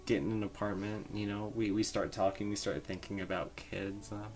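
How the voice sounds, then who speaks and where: A young man co-hosting a podcast, telling a rambling made-up story with lots of fillers and pauses. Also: on the low side, flat delivery, faint music behind. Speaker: podcast co-host. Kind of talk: casual improvised storytelling.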